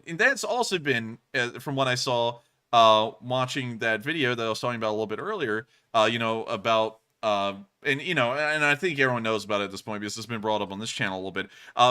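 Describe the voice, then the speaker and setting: A man in his twenties co-hosting a live stream, chatting casually and rambling with lots of fillers and restarts, deliberately raising his pitch. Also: sharp tone, smooth. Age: 20s. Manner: speaks in a deliberately raised pitch. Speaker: stream co-host.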